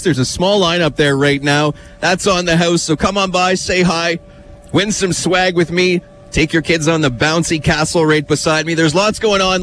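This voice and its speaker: A man's voice: a little high, a bit bright. A man hosting a live radio remote from an outdoor event, chatting breezily as he plugs what's on. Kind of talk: upbeat live promo chatter.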